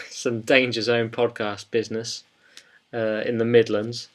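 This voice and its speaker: A man's voice: mid-range voice, level tone, takes it slowly, a bit bright. A young man co-hosting a wrestling podcast in casual chat, rambling and hesitant, with many ums. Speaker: podcast co-host.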